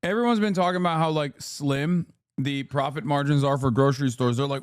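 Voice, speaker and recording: Streaming in clean studio sound with no room sound, a man with a fairly high voice talks a little fast and barely pauses. He reacts to news clips with casual, profane commentary full of swearing and heated rhetorical questions.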